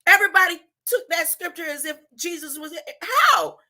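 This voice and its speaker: High bright slow-talking woman. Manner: conversational, retells scripture with acted quotes. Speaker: podcast host. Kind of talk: informal scripture teaching.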